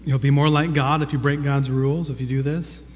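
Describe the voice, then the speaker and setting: A man's voice: mid-range voice, level tone, fairly quick. A man preaching a sermon, earnest and teaching, often repeating words and putting questions to his listeners. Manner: earnest teaching, frequent word repeats, asks the congregation questions. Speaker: pastor. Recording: long reverb of a large hall.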